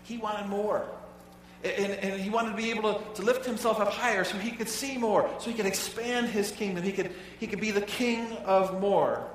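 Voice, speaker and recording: A male pastor preaching a sermon to his congregation in a casual, halting way, often repeating words as he goes. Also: high-pitched. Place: church sanctuary. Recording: echoey hall, voice from far off.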